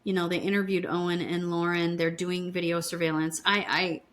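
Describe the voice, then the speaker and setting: A woman's voice: fairly low pitch, flat delivery, normal speed, fairly bright tone. A woman in her fifties, co-hosting a podcast, retelling a true-crime story in a blunt, indignant way and swearing freely. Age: 50s. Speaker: podcast co-host.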